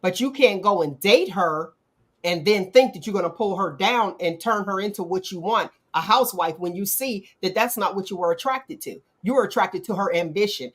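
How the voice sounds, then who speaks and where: A middle-aged woman hosting a casual talk show, animated and acting out quotes in playful voices. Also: medium pitch, normal speed. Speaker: podcast host. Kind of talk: casual chat.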